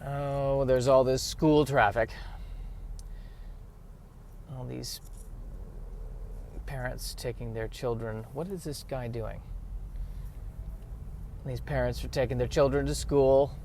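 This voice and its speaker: A man's voice: mid-range voice, fairly even intonation, slow pace, long pauses, a little mellow. A man rambling to the camera from a car in traffic, sarcastic and self-mocking, with bursts of mock outrage. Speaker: vlogger. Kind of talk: rambling solo monologue.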